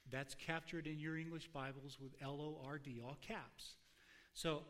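A man's voice: fairly high pitch, fairly even intonation, moderate pace, a bit bright. A man preaching a conversational teaching sermon as a pastor, sometimes acting out the voices in the story he tells.

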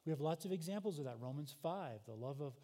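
A man's voice: fairly high pitch, lively intonation, fast talker, warm tone. A male pastor preaching a sermon, explaining scripture emphatically and asking the congregation rhetorical questions, in a church. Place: church sanctuary. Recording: long hall reverb.

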